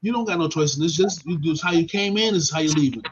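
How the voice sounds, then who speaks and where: A man hosting a podcast, telling stories in a casual, animated and profane way. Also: fairly high pitch, rapid-fire, slight background noise. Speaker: podcast host. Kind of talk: casual storytelling chat. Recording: dull lo-fi stream audio.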